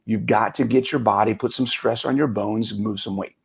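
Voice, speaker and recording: A man's voice: fairly low pitch, steady tone, moderate pace, gravelly, slightly rough. A man, a guest coach, explaining energetically in a casual podcast discussion, now and then quoting what the body says.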